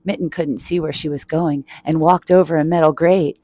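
Playful woman reading a kids' book aloud, kept quiet, lowish voice, dry close mic. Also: steady tone, moderate pace, few pauses, dry recording. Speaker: children's book reader. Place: public laundromat.

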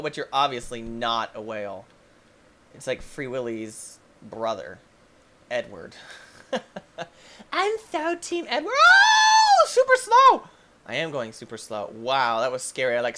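A young man hosting a gaming video, giving goofy, excitable let's-play commentary that breaks into yelps and shouts. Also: mid-range voice, a little hiss or hum.

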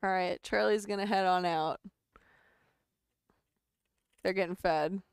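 A woman's voice: fairly low pitch, steady tone, slow pace, smooth, no echo, studio quality. A woman chatting casually on a sewing livestream, laughing often and reading chat aloud.

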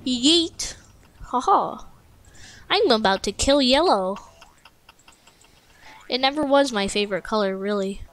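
A woman hosting casual gameplay commentary at a home computer mic, excitable, shrieking and joking while she plays. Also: a little high, unhurried, long pauses. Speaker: gaming channel host.

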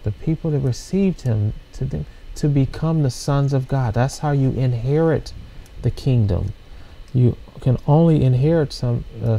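A man preaching at an informal scripture study, reading verses aloud and explaining them slowly in short phrases, with frequent rhetorical questions. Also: medium pitch, creaky, dark tone, poor audio.

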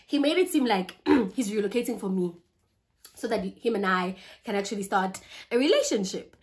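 A young woman in her twenties with a South African accent, chatting casually while eating as she tells a story, mixing languages mid-sentence, with a flu and a cough. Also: fairly high pitch. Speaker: vlogger. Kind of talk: storytime chat over a meal.

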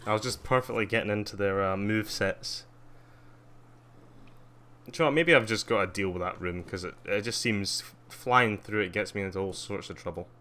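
A man giving live gameplay commentary, excitable, squealing at jumps, laughing often and chatting with viewers. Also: fairly low pitch, moderate pace. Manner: excitable, squeals gleefully at jumps and mocks himself; chats with viewers while playing, laughs often. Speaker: streamer playing a video game.

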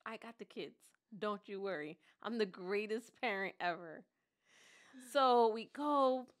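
A woman's voice: mid-range voice, unhurried. A woman co-hosting a podcast, telling a story dramatically, acting out other people's voices and laughing as she goes. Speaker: podcast co-host. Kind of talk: animated storytelling chat.

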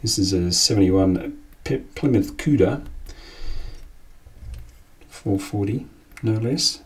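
A man's voice: fairly low pitch, takes it slowly, pauses often. A man, hosting a casual collecting vlog as an enthusiastic, chatty storyteller. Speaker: collector and channel host. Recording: distant from the mic.

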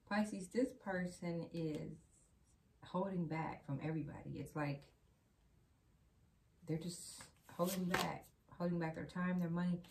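Chatty woman tarot reader, lowish voice. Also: darkish tone, slight background noise. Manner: chatty, repeats phrases, addresses the viewer directly. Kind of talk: casual tarot reading to camera.

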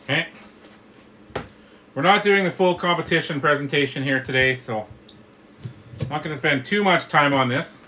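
Bright-voiced barbecue instructor, a man. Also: a little high, normal speed, pauses often, slight background noise, poor audio. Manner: friendly, explanatory, addresses viewers as guys. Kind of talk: live cooking tutorial.

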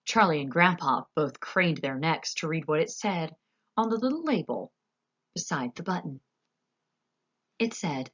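A woman narrating a children's story with an expressive, animated reading. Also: deep voice, unhurried, long pauses, slightly rough, muffled recording. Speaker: audiobook narrator.

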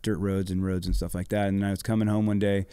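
A man's voice: low voice, little pitch movement, fast talker, warm tone, clean tone, no echo. A middle-aged man telling a story in casual podcast chat, laid-back and swearing freely. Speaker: podcast guest, former motocross racer.

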